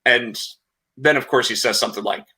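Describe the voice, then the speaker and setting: Bright-voiced man, rambling casual chat. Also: mid-range voice, fairly quick, breathy edge. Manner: rambling, animated retelling with repeated words. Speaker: podcast co-host. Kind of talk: casual chat, recapping wrestling.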